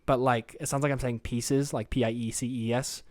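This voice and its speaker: Brief: young male solo podcaster, dry close sound, mid-pitched, crude and rambling. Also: fairly even intonation, a little fast, no echo. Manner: rambling, crude, self-deprecating, jokey. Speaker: podcast host.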